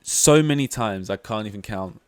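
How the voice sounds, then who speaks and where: A man talks through a casual solo podcast in a rambling, candid way, often poking fun at himself. His voice sits somewhat low. The sound is dry, with no room echo. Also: animated, normal speed, clean tone. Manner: rambling, candid and self-deprecating. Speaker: podcast host.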